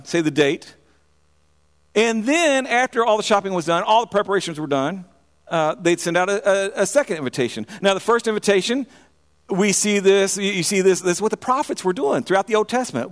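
A man preaching a sermon in a church, often repeating words and restarting, moving between quiet and emphatic passages. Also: high-pitched. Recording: long reverb of a hall.

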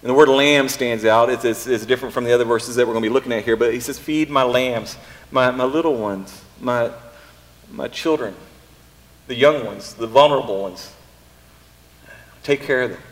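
A pastor preaching a casual sermon, often pausing and repeating words as he thinks aloud. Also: medium pitch. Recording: long reverb in a hall.

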